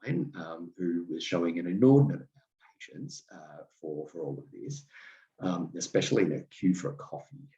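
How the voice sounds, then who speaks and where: A man with a very low voice hosts a reflective podcast monologue. He tells wry, self-deprecating stories and halts often with ums and restarts. The recording sounds dull and slightly lo-fi. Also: expressive, mellow. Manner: halting, lots of ums and restarts. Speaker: podcast host.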